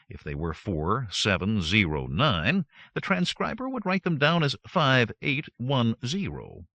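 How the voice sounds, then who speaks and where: Male narrator, bright tone, hugely animated pitch, dry close studio sound, wry first-person reading. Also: no room sound. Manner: wry, lively storytelling. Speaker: audiobook narrator.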